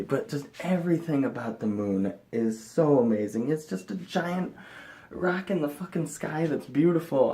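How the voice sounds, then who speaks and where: A young man from the Chicago area, USA, rambles excitedly to the camera in a casual vlog, his mid-range voice breaking into loud enthusiasm and then falling to mumbled asides.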